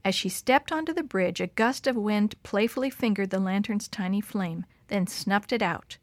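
With dramatic, expressive delivery, a woman narrates a story at a moderate pace in a mid-pitched voice. The sound is intimate and dry, without any room echo.

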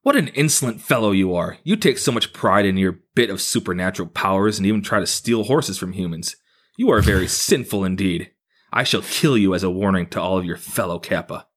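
A man's voice: low-pitched, animated, a little fast. A man reading the lines of a stern but kind-hearted master who scolds in formal words.

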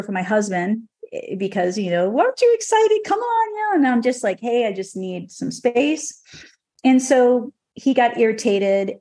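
A woman's voice: medium pitch, darkish tone. A woman on a podcast telling an emotional personal story in a conversational, earnest way, with many fillers. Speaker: podcast guest speaker.

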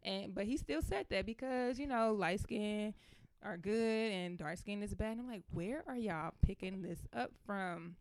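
A woman in her thirties hosting a talk show, telling stories in a lively, colloquial way. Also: mid-range voice, measured pace, no echo. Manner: animated, storytelling, Southern-style colloquial speech. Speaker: podcast host. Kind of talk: casual chat.

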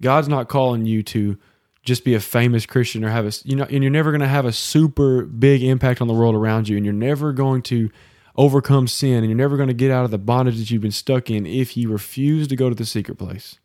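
A man co-hosts a home-recorded devotional podcast, preaching earnestly with a mellow, dark tone. He sits close to the mic in a dry home office. Between exhortations he teases his co-host lightly. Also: mid-range voice, steady tone, fast talker, dry recording. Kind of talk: casual devotional podcast talk.

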